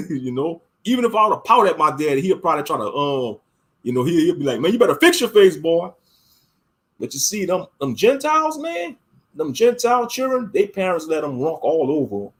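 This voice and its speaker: Animated ranting man with a higher voice. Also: fairly quick. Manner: emphatic and animated, heavy slang, frequent restarts, swings from loud to muttered. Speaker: online commentator. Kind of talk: casual rambling rant.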